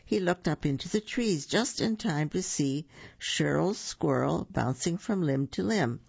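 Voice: medium pitch, expressive, unhurried, vocal fry, a little mellow, slightly rough, no room sound, muffled recording. A storyteller reading children's stories aloud and explaining the lesson afterwards.

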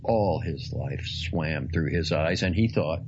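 A man reading a story aloud in a slow, deliberate, dramatic way. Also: extremely low pitch, lo-fi sound, music in the background. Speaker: narrator. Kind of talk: audiobook reading.

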